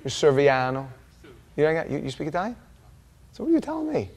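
A man's voice: sits high, wildly swooping pitch, very fast, warm tone, breathy edge. A man preaching an informal Bible-study sermon in a church, chatty and joking with his congregation. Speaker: pastor. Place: church sanctuary.

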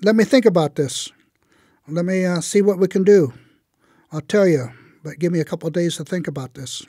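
A man voicing Titmouse, a quiet, humble young man who speaks plainly and steadily in a told story. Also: sits high, brisk, husky, dry recording, studio quality. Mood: resolute. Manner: modest, plain-spoken, steady.

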